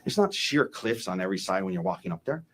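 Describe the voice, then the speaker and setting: A man's voice: low voice, sing-song, fast, breathy edge. A man, a defense attorney, giving a courtroom opening statement, emphatic and repeating key phrases for effect.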